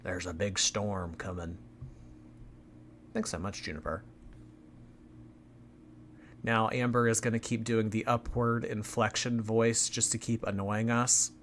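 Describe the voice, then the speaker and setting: A male commentary host speaks slowly and deliberately, dropping sarcastic, mocking remarks as he reacts to a vlog. A faint background hiss sits under his voice. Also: fairly low pitch, fairly even intonation, a bit bright. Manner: dry, mocking asides.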